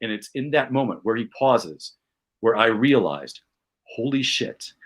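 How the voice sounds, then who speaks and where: A man from Chicago, a comedian, telling a fan memory in casual chat with rising excitement and self-mocking asides. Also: fairly low pitch, moderate pace. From Chicago, USA. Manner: animated, builds tension, self-mocking. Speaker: podcast guest, comedian.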